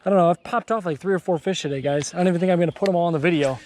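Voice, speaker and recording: Excitable young man fishing, high voice. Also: rapid-fire. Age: 20s. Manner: excitable, chatty, exclaims at every catch. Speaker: fishing vlogger. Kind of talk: casual fishing commentary. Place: outdoors on a bass boat on a lake.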